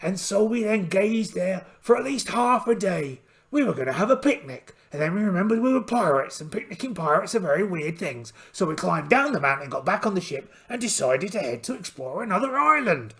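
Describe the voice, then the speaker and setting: A man's voice: high-pitched, expressive, brisk, hardly any pauses, fairly bright tone. A man voicing a polite, boastful one-eyed pirate captain in a solo tabletop game, theatrical and full of exclamations. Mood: hearty. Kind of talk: in-character solo game narration.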